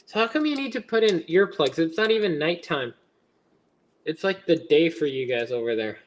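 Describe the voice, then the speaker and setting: A young adult streamer chats and rambles while building on a relaxed livestream, reading messages from chat and answering them. He speaks at a normal speed in a fairly high voice with lively intonation.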